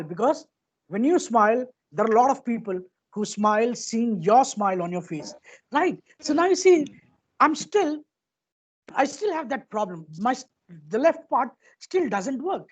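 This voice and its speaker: A man's voice: very high-pitched, big pitch swings, normal speed, slightly rough. A man with an Indian accent giving an earnest motivational talk, telling a personal story and often repeating words as he goes. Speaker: motivational speaker.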